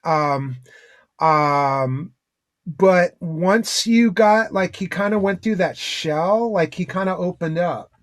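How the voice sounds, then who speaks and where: A middle-aged man hosting an interview, asking questions and sharing memories haltingly with many ums. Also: high-pitched. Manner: halting, lots of ums and restarts. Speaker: interview host, drum teacher. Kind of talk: casual interview chat.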